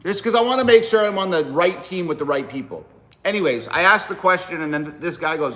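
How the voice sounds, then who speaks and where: A man's voice: on the high side, animated, fairly quick, bright, forceful tone. A man in his thirties hosting a casual livestream, talking in a blunt, profane and rambling way to his viewers. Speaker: livestream host and rapper.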